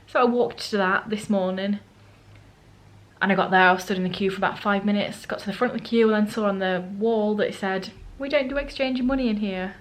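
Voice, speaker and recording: A woman's voice: mid-range voice, a little fast, poor audio. Woman vlogger rambling about her trip day, chatty and a bit self-mocking, talks to camera. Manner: chatty and self-mocking, acting out what people said. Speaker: travel vlogger. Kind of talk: casual storytelling to camera. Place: holiday rental flat.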